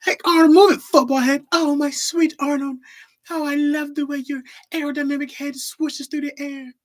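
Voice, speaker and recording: A man voicing a bossy, lovesick cartoon schoolgirl who barks and then swoons, in a shrill voice. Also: level tone, moderate pace.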